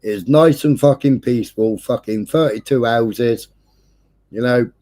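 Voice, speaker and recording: A man, mid-pitched, spinning a yarn on a live stream. He swears in nearly every breath and tells it with animated, indignant energy. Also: a little slow. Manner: swears constantly, animated storytelling. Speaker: livestream host. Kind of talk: casual chat. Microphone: streaming setup.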